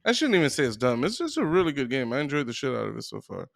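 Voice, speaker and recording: A man's voice: mid-range voice, sing-song, very fast, creaky, no room sound, studio quality. Laid-back cursing man on a podcast. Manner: laid-back, profane storytelling. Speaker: podcast co-host. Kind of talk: casual chat.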